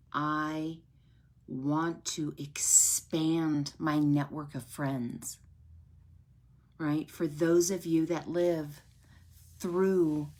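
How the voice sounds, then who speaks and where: A woman sharing her personal story with her followers in an earnest, heartfelt way, often checking in with "right?". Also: deep voice.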